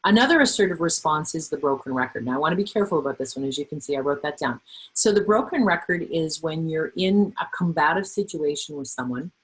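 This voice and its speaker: A middle-aged woman trainer presenting a workplace webinar, animated and acting out the voices she quotes. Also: low-pitched, fast, husky, poor audio.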